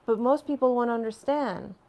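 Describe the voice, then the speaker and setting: A woman's voice: fairly high pitch, moderate pace, a little mellow. A woman hosting a casual live stream from home, rambling and chatting as she answers viewer comments, laughing often between phrases.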